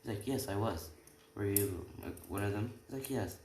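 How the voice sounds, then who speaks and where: A man's voice: lowish voice, moderate pace, a little mellow, roomy sound. A young man casually making up and retelling a fan story, rambling with many restarts and asides. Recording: faint background noise.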